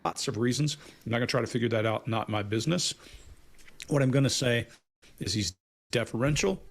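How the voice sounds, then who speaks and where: A man's voice: mid-range voice, brisk. Clipped, matter-of-fact male analyst. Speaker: body language analyst. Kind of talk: casual panel analysis.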